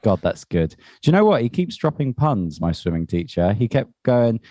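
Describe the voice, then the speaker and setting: A man co-hosting a podcast, telling stories in relaxed casual chat and laughing often. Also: mid-range voice, moderate pace, dry recording, studio quality. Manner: chatty storyteller, laughs often. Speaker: podcast co-host.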